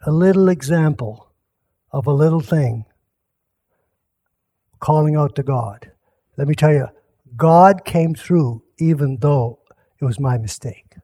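A pastor with a notably high male voice tells a meandering everyday story as a casual sermon. He stumbles, restarts, and keeps turning to his listeners with little asides. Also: measured pace, pauses often, warm tone, breathy edge. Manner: rambling, self-interrupting, chuckling asides to listeners.

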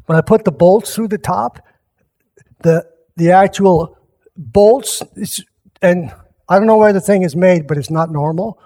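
Man, pastor, high voice, casual sermon, rambling, restarts sentences, talks to listeners. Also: a little slow, mellow. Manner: rambling, self-interrupting, chuckling asides to listeners.

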